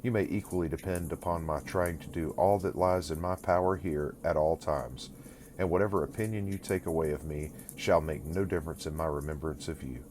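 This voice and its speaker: A man voicing a plain, earnest young village woman who speaks steadily and quietly reproaches. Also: extremely low pitch, steady tone, fairly quick, a little hiss or hum. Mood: steady.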